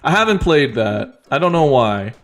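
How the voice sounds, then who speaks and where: A man's voice: medium pitch, normal speed. Laid-back joking male streamer. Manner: relaxed, wry, joking. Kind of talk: casual gameplay commentary.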